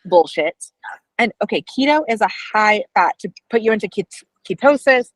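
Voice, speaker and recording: A woman's voice: medium pitch, lively intonation, moderate pace, no echo, poor audio. Chatty woman telling stories, dry sound. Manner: chatty storyteller, many "like"s and restarts. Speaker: co-host, dietetics student. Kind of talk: casual live stream chat.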